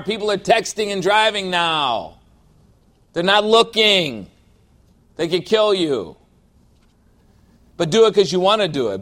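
A pastor preaching a sermon in a loose, conversational style, calling for amens from the congregation and briefly mimicking people as he talks. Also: high-pitched.

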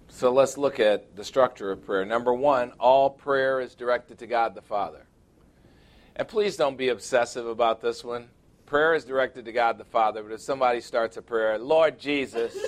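Male preacher, mid-pitched, body mic, teaching tone with playful asides and slowed emphasis. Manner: joking asides with laughter, slows for emphasis. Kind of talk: sermon. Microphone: wireless body microphone.

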